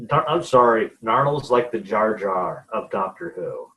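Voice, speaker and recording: Joking podcast man, lively pitch. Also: measured pace, muffled recording. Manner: joking, brief interjections. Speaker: podcast co-host. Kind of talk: casual fan podcast chat.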